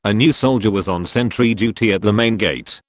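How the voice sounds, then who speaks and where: In a fairly low voice with no room sound, a man narrates a series of short military jokes from a script. His storytelling delivery stays even and measured throughout.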